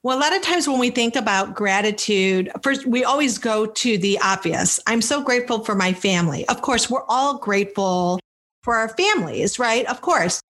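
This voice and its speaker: A woman's voice: fairly high pitch, animated, moderate pace, a bit bright. A woman hosting an interview, asking questions in an affirming, conversational way. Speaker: host.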